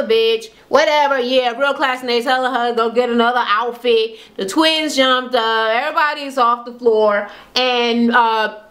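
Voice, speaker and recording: High, bright-voiced woman ranting casually. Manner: blunt, profane, acts out other people's quotes. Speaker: reality TV recap vlogger. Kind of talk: casual profane recap rant.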